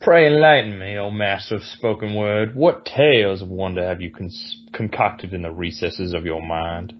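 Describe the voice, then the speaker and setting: Pompous Southern gentleman put on by a man, genteel drawl, low voice, dull lo-fi sound. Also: steady tone. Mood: grandiloquent. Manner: grandiloquent theatrical reading, drawn-out.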